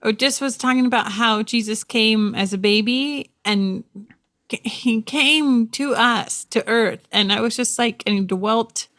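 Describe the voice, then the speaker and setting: A woman with a fairly high voice co-hosts a relaxed faith podcast, chatting over a computer call. She is animated, laughs often and breaks into surprised exclamations. The sound is dry and close. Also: unhurried, dry recording. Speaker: podcast co-host. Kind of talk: casual faith podcast chat. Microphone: recorded over a computer call.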